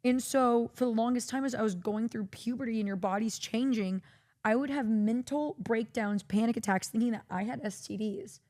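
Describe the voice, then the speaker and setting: A woman's voice: a little high, moderate pace. A young woman from Texas, streaming host telling a story in casual chat, swearing freely and acting out quotes. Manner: animated, swears freely, acts out quotes in a raised voice.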